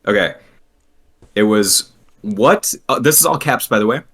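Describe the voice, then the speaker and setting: Bright, animated man in casual chat. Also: on the low side, normal speed. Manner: animated, laughs often, trails into restarts.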